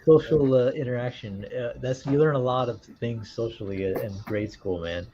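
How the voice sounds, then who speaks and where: A man chatting casually on his livestream while drawing, with relaxed offhand remarks. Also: mid-range voice, moderate pace. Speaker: streamer and artist. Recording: dull lo-fi streaming mic with faint noise.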